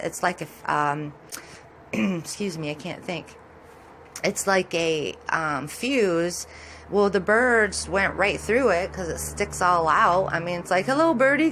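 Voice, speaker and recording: A woman's voice: fairly low pitch, fairly bright tone, a little hiss or hum. A middle-aged woman with a Michigan accent and Southern touches, chatting casually and rambling as a vlogger while commenting on sky photos, laughing often.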